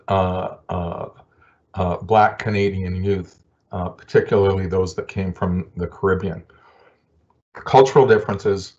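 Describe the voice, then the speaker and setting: Older man, social worker, lecture storytelling, low voice, muffled lo-fi audio. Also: darkish tone. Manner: storytelling, conversational with frequent fillers. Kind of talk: recorded professional talk.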